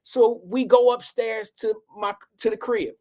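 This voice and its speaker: A young man with a very high voice tells his audience a personal story as a show host, speaking unhurriedly. He's animated, acting out the quotes and raising his voice for them.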